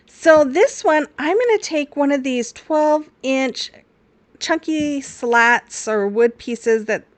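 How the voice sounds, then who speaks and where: An older woman talks casually from her home craft room. Her voice sits at an ordinary pitch. The recording is dry with no room echo, and she rambles chattily between craft steps. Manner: chatty, rambling, warm storytelling. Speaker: crafting channel host. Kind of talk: casual chat and craft tutorial.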